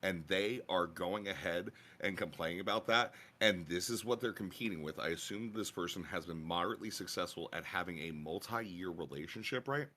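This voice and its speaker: A man's voice: deep voice, a little fast, few pauses, bright, forceful tone. A man on a debate panel, blunt and profane, full of slang, pushing back hard on the other side.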